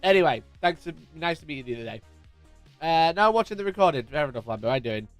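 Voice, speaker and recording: A chatty man with a fairly high voice hosts a casual live stream, greeting viewers by name and bantering as he reads their messages. His voice sounds close and dry, with faint music playing underneath. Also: big pitch swings, quick pace, dry recording. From United Kingdom.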